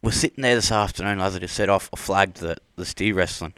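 A man's voice: low-pitched, quick pace, fairly bright tone, smooth, dry recording, clean studio sound. A man, hosting a casual interview, easygoing with lots of "like" and "you know". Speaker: podcast host.

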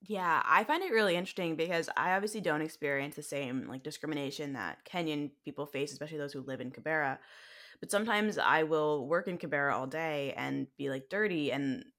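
This is a young woman with an American accent, co-hosting a casual podcast. Her voice sits low for a woman. She talks easily and fills her pauses with ums and likes. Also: a bit bright. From United States. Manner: chatty, frequent ums and likes. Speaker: podcast co-host. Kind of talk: conversational podcast discussion.

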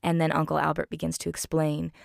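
Low, creaky woman chatting about a film. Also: monotone, a little fast, no room sound, clean studio sound. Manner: chatty, full of "like" and "um", enthusiastic. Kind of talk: casual film recap.

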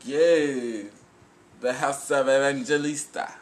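A man in casual chat, animated and laughing, trading movie lines with a friend. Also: mid-range voice, slow.

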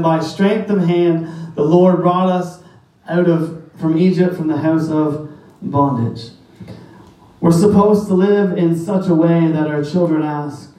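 High-voiced preacher in an echoey church. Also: male voice, dark tone. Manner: emphatic preaching, quoting scripture in King James wording. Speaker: pastor. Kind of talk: sermon. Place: church sanctuary. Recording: very echoey church hall, mic at a distance.

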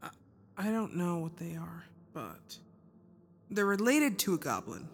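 A woman's voice: lowish voice, very animated, unhurried, slight background noise. A woman co-hosting a paranormal podcast, dry and matter-of-fact in casual chat. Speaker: podcast co-host.

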